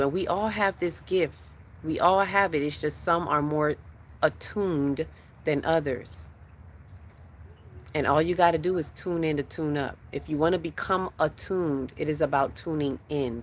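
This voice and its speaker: A woman's voice: low voice, slight background noise. A woman hosting a spiritual livestream, teaching in a rhythmic, repetitive preaching cadence.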